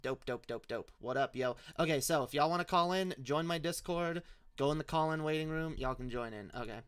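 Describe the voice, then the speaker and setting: A man's voice: fairly high pitch, brisk, clear, resonant tone, dry recording. A young man hosting a live stream with call-ins, chatting casually with loose slang, swearing and many restarts.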